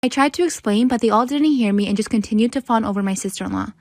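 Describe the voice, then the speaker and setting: A woman reading a written forum post aloud in a steady, even way. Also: fairly high pitch, fast talker, dry recording, studio quality.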